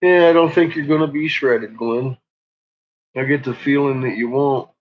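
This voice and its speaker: A man's voice: mid-range voice, fairly even intonation, normal speed, highs cut off. A man chatting in a rambling way about his dogs, chuckling often and cooing at them. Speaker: dog owner vlogger. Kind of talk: casual rambling chat.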